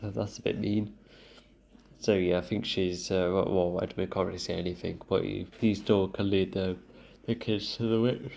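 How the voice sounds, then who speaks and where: A man's voice: deep voice, level tone, moderate pace, vocal fry, darkish tone, a little hiss or hum. A man giving casual commentary as he reacts to a TV show, thinking aloud and hesitating with fillers and restarts. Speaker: reaction video host.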